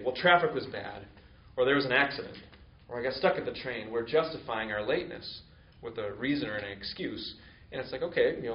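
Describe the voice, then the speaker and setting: A man's voice: medium pitch, recorded from a distance. Guy preaching casually, lots of "you know", roomy echo, kinda muffled sound. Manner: conversational, many fillers, acts out quoted excuses. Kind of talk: sermon. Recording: echoey room, dull lo-fi sound.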